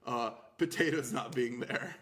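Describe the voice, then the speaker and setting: A man's voice: medium pitch, unhurried, crowd noise. A man co-hosting a podcast, trading crude comedic banter, swearing and laughing often. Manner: laughs often, profane and mocking. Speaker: podcast co-host.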